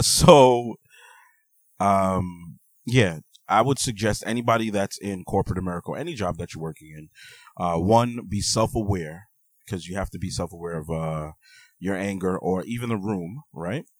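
A man co-hosting a podcast, speaking in a relaxed, joking way with many fillers as he gives advice. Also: low voice, normal speed, no echo. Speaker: podcast co-host. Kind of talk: casual podcast chat and advice.

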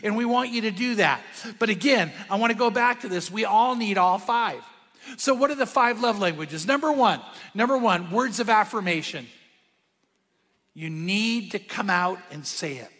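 Male pastor, high bright voice, lively sermon delivery, big hall reverb. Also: normal speed. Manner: energetic, conversational preaching with sudden drops to a hush.

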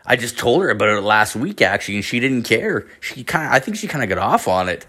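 A man's voice: mid-range voice, sing-song, fast, hardly any pauses, sharp tone. Rambling, profane young man telling a story. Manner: rambling and profane, heavy filler words; acts out other people's lines in a raised voice. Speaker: podcast host. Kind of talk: casual storytelling monologue.

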